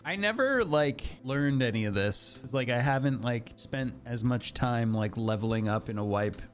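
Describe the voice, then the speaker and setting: A male streamer in casual gaming chat, whose voice swings up and down as he reacts. He gets excited and laughs often. Faint game music plays behind him. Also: medium pitch, normal speed.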